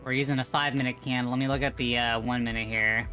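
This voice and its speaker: A man's voice: mid-range voice, fast. Guy on a live stream chatting casually about trades, faint music playing under him. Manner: relaxed, offhand rambling.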